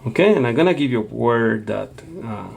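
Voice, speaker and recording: Gravelly man teaching a language lesson. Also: mid-range voice, expressive, fairly quick, a little mellow. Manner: explains patiently, checks in with frequent "okay?". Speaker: Spanish teacher. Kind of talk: classroom lecture.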